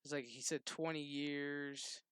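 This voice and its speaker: A man hosting his own channel, ranting casually and profanely in a rambling, animated way. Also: a little high, unhurried, clean tone, dry recording, clean studio sound. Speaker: gaming channel host. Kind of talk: casual rant.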